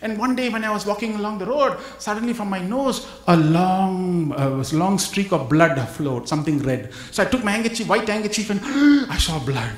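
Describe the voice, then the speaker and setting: A man giving an animated spiritual talk to a live audience, acting out little scenes and chuckling often. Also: high voice, moderate pace, hardly any pauses. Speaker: guest speaker at a spiritual gathering. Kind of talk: spiritual talk with humorous anecdotes. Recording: roomy hall echo.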